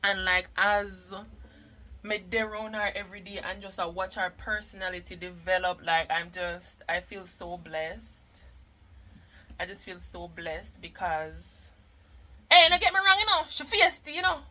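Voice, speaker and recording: A woman's voice: medium pitch, unhurried, bright, forceful tone, low-quality recording. A Jamaican woman and mother chatting casually in a vlog, emotional and talkative, mixing patois with English. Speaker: mother and vlogger.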